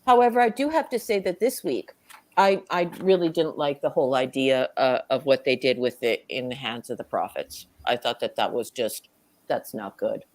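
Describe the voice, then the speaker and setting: A woman's voice: rumbling low, lively intonation, moderate pace. A woman on a casual review podcast, speaking in an earnest, thoughtful and opinionated way.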